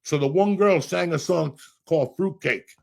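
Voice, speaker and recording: A middle-aged man hosting a podcast, a loud, profane storyteller with a gravelly, husky voice. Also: fairly high pitch, normal speed. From Cuba. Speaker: podcast host.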